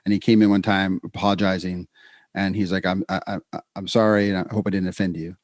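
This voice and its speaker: A man with a somewhat low voice tells stories in casual podcast chat, often restarting his sentences. The sound is dry and close to the mic. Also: dry recording. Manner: storytelling, animated, quick restarts. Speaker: podcast co-host.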